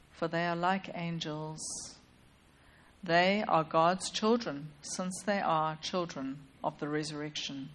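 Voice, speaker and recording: A woman reads a scripture passage aloud in church at an even, measured pace. Her voice sits a little low for a woman. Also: poor audio. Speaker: scripture reader.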